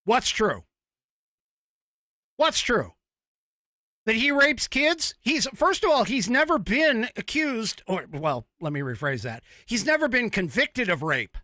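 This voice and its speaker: A man's voice: very high-pitched, big pitch swings, slow, pushed and bright, no echo, clean studio sound. A man hosting an opinion podcast, ranting angrily in a profane monologue. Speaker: podcast host.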